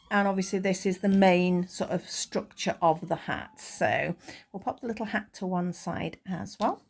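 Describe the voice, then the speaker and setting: Chatty woman, slightly hoarse. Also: medium pitch. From United Kingdom. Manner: chatty and enthusiastic. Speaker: crochet tutor. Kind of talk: casual crochet tutorial.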